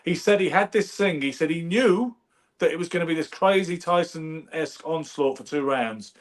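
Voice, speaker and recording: A man telling stories in casual conversation, animated and anecdotal. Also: a little high, moderate pace. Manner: animated, anecdotal, does brief impressions. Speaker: podcast host.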